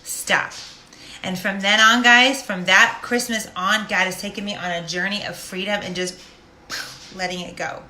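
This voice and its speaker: A woman's voice: medium pitch, steady tone, normal speed, hardly any pauses, bright, forceful tone, slight background noise. A woman, a life coach, speaking directly and animatedly in a casual faith-based monologue. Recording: roomy echo.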